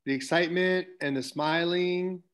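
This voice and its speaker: A man with a fairly high voice joins a sales training video call in a casual way. He adds short, encouraging comments between the main speaker's points. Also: steady tone, moderate pace, fairly bright tone. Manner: chimes in with short encouraging remarks. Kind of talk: casual chat.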